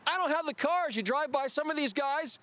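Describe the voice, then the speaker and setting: A man hosting a car commercial, booming like an announcer as he talks to the ladies and gentlemen watching. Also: fairly quick. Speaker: commercial host. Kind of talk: broadcast sales pitch.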